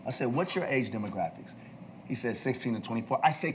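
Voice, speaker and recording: Man, 40s, talk-show guest, lively storyteller who does the voices in his anecdotes. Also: medium pitch, fast talker, slight background noise, poor audio. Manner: animated storyteller acting out dialogue. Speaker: actor and entrepreneur.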